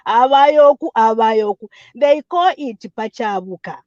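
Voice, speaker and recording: A high, lively woman speaks with emphatic, repetitive force, hopping between languages as she makes her point. Her voice comes through a dull, lo-fi line with a close, dry sound. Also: unhurried, no room sound. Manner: code-switching, emphatic and repetitive. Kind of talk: impassioned political call-in comment.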